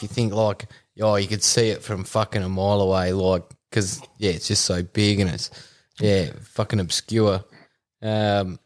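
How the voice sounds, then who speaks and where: A man co-hosting a casual podcast, swearing freely and talking in halting stops and starts. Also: lowish voice.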